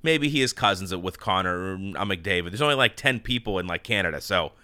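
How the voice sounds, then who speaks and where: A man's voice: low voice, lively intonation, fairly quick, bright, forceful tone, clear, resonant tone, no echo. A male podcast host chatting casually, telling a long anecdote with restarts and quoted exchanges. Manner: rambling storyteller with many restarts and quoted dialogue. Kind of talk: casual chat.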